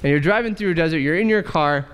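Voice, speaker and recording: A male pastor preaching a sermon in a church, asking rhetorical questions and pausing for effect. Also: a little high, a bit bright, smooth. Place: church sanctuary. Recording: church hall reverb.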